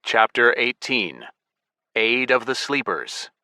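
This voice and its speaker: A man narrating a science fiction audiobook in the first person, with steady, measured storytelling on a close studio mic. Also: mid-range voice, dry recording.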